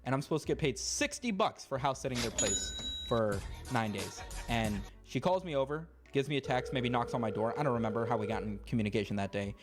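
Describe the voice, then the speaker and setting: A young man co-hosting a reaction show, telling stories in a relaxed casual chat. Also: medium pitch, a little fast, music in the background. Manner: relaxed storytelling, laid-back. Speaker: reaction channel co-host.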